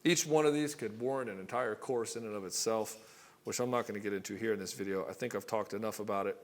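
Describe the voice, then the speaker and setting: Gravelly, blunt-talking male relationship coach. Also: lowish voice. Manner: blunt, swears, acts out both partners in quick skits. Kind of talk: direct-to-camera coaching talk.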